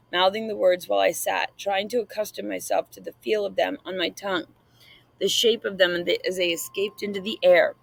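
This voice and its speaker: A woman reading an audiobook aloud, narrating in the first person in a measured, reflective way. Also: mid-range voice, gravelly, rough recording.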